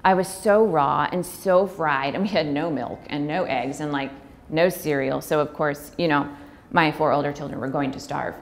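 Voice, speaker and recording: A woman giving a personal talk, speaking candidly and heartfelt with fillers, sometimes breaking into quick, acted-out dialogue. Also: deep voice, gravelly. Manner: acts out dialogue in quick bursts. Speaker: speaker on pregnancy loss.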